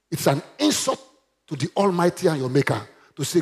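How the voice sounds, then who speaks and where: A pastor preaches a sermon emphatically, calling on the congregation to repeat after him. His voice is on the high side, expressive and a little fast, with a darkish tone.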